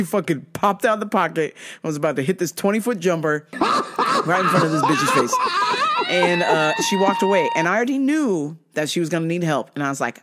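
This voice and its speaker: Brief: young woman host, lively pitch swings, crude and laughing as she tells a story. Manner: profane, laughing, animated storyteller. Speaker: show host. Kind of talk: casual storytelling.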